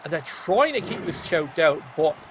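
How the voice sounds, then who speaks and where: A man's voice: fairly high pitch, sing-song, normal speed, lo-fi sound, noisy background. A man commentating a game match, sardonic and casually swearing as he talks straight to the players.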